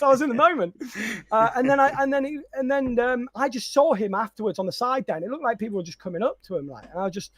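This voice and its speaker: A man, a podcast co-host telling stories in casual chat, animated and laughing often with frequent restarts. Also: high-pitched, fast. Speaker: podcast co-host and content creator.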